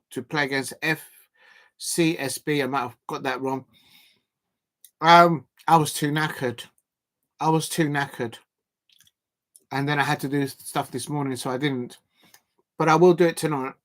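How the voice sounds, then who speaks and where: A man hosting a live football watch-along, ranting in an animated, exasperated way and often restarting his sentences. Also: a little high. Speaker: football fan live-stream host. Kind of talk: casual watch-along commentary.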